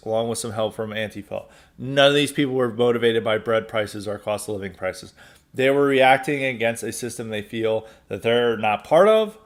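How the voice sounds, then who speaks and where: With a mid-range voice, an American man runs his podcast as an emphatic political monologue laced with sarcasm. He restarts his sentences often.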